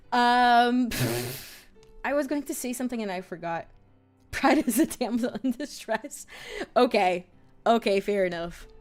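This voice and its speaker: A woman in her twenties streaming live, chatting casually, excitable and a bit nervous as she greets her viewers. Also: mid-range voice. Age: 20s. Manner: excitable, gushing greetings to chat; nervous, self-conscious chatter.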